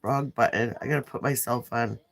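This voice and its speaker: A woman's voice: very deep voice, fairly even intonation, brisk. A woman in her thirties with a Midwestern accent, stuffed up from a sinus cold, chatting casually and rambling on her livestream with self-deprecating asides. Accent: Midwestern American. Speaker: nail art livestreamer.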